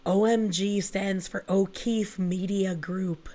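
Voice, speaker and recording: A woman's voice: medium pitch, fairly even intonation, slow, warm tone. A young woman streamer giving casual, sarcastic commentary on a video, swearing and rambling as she goes.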